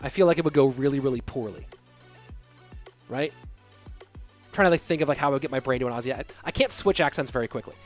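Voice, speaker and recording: A young man casts an esports tournament solo from his home office at a quick clip, broken by long pauses, in a medium-pitched voice. Between games he rambles chattily and reads chat straight to his viewers, with faint music in the background.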